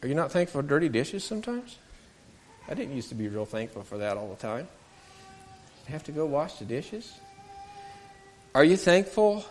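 A man's voice: fairly high pitch, darkish tone. Man telling children a Bible story. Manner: asks the children questions, acts out voices in the story.

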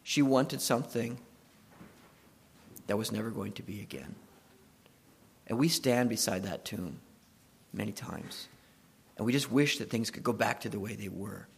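Gravelly-voiced male preacher telling a story. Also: lowish voice, normal speed, long pauses, slight background noise. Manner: storytelling, swings between hushed and emphatic. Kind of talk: sermon.

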